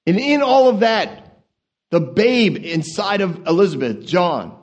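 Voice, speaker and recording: A man with a high voice preaches an animated sermon, telling the story with jokes and asides. He drops into quiet mutters, then climbs to excited peaks. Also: measured pace, lo-fi sound.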